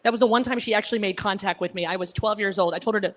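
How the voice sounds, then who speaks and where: A woman's voice: medium pitch, steady tone, fast, few pauses, a bit bright. Teasing woman doing stand-up. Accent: American, Connecticut-like. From Egypt, raised in Alabama. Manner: chatty, teasing the crowd, self-deprecating. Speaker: stand-up comedian at a gala. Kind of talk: stand-up comedy set. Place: banquet hall with a live audience.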